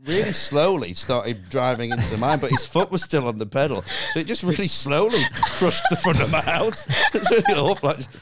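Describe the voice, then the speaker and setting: A man's voice: fairly high pitch, very animated, fairly quick, few pauses, heavy background noise. A man, a comedian guest, telling a story in casual chat, laughing and swearing often.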